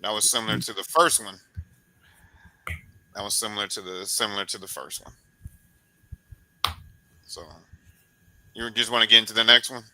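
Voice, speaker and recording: A man hosting a sports podcast interview, talking in a loose, encouraging, coach-like way and beating out rhythms with repeated boom sounds. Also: steady tone, moderate pace, pauses often, pushed and bright, a little hiss or hum, poor audio. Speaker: podcast host. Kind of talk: casual sports interview chat.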